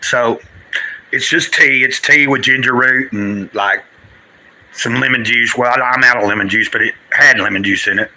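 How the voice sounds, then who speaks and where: A man talking live to his viewers with a sharp, bright voice at a middling pitch. He is teary and rambles earnestly, shifting from preachy spiritual lines to thanking his chat. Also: normal speed, rough recording. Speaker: live streamer. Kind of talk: casual livestream chat with spiritual musings.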